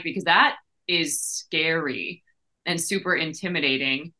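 A woman's voice: sits low, a little slow, sharp tone. A woman hosting a faith podcast, chatting animatedly, often adding "like" and "right?", with playful leaps in her voice. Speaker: podcast host. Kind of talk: conversational interview hosting.

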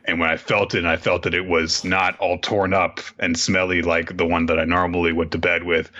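A man co-hosting a casual chat, laughing often and acting out characters in high voices. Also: flat delivery, fairly quick, pushed and bright, muffled recording. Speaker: podcast co-host. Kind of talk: casual chat recapping manga.

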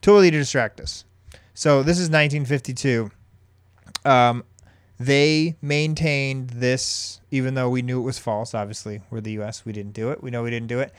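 Smooth-voiced man telling a story casually. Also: medium pitch, dry recording. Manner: rambling, with many ums and restarts. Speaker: podcast host.

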